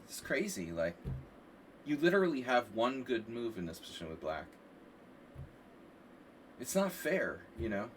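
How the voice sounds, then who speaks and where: A man casually commenting on chess games during a live stream, rambling and animated with lots of filler words. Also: mid-range voice. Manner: rambling and animated, frequent "like" and "you know". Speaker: chess coach streaming a lesson. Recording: distant mic with faint background hiss.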